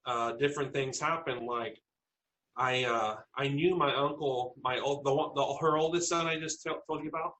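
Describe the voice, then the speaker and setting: A man from South Texas recounting eerie personal stories as a podcast guest. His voice is bright and forward, sitting in a middle pitch. He talks in an earnest, halting way, often restarting his sentences. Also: slight background noise, poor audio. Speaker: interview guest.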